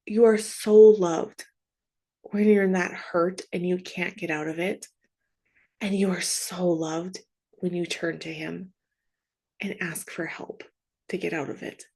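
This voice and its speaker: Woman, faith-based grief coach; earnest and gentle, takes her time, mid-range voice. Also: mid-range voice. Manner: earnest and gentle, with frequent "like" and "right?". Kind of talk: heartfelt faith monologue.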